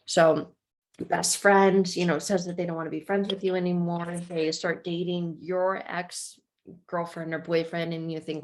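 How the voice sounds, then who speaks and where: Woman presenter, casual explainer, animated, repeats herself, speaks straight to the viewer. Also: fairly low pitch, unhurried. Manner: animated, repeats words, talks to the listener.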